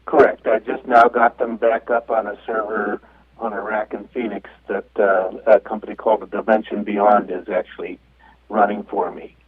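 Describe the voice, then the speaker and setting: A man's voice: fairly low pitch, little pitch movement, normal speed. A man calling in as a radio guest, answering in a friendly, casual way. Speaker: interview guest. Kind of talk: phone interview. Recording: tinny phone line with crowd noise.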